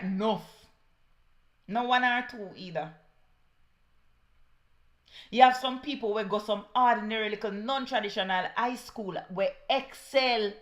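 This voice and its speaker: A woman with a Jamaican accent giving heated political commentary, scornful and mixing patois with English. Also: a little high.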